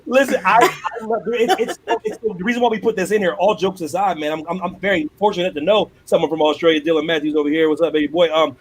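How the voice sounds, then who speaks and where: Host type: high, husky-voiced man, slangy and hyped, running a casual panel. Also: fast talker, hardly any pauses. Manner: animated, hype, slangy.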